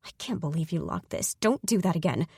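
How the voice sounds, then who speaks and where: A woman's voice: lowish voice, sing-song, a little fast, a little mellow, breathy edge, no echo, clean studio sound. A woman voicing an impatient, protective older sister who talks in a brusque, irritated way in an audiobook. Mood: annoyed. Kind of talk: audiobook character voice.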